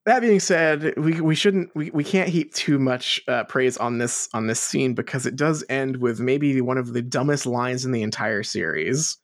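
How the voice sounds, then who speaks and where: A man's voice: mid-range voice, normal speed, hardly any pauses, dry recording, studio quality. A man co-hosting a podcast, talking casually with swearing and frequent laughter. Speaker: podcast co-host. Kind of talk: casual chat.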